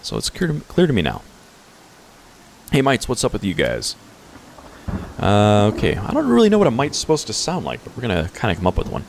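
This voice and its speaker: A man's voice: fairly low pitch, wildly swooping pitch, fast, vocal fry, few pauses, a little mellow, slight background noise. A man in his twenties doing casual let's-play commentary, reading dialogue aloud with hesitant fillers. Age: 20s. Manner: hesitant with fillers, chuckling asides.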